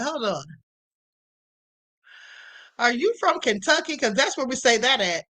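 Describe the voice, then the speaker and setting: A woman hosts a live stream with sassy commentary, often calling her viewers honey. Her voice swoops widely and rings bright. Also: sits high, very animated, unhurried. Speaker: host.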